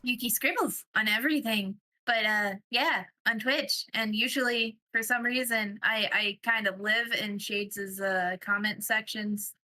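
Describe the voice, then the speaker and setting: A woman's voice: medium pitch, fairly even intonation, unhurried, hardly any pauses, sharp tone. A woman guest on a podcast, chatting casually in a giggly, playful way. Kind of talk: casual chat.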